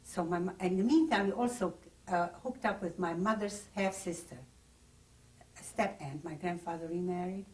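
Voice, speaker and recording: Older woman recalling memories, lowish voice. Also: moderate pace, a little mellow, far from the mic, rough recording. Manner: plain, vivid first-person recollection. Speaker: interviewee. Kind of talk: oral history testimony. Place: private home.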